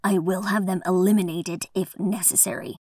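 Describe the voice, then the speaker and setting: A woman's voice: medium pitch, fast, breathy edge, dry recording, studio quality, natural voice. A woman voicing a cold young man who speaks casually while hiding deadly intent, in an audiobook. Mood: menacing. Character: cold, menacing young man plotting in secret.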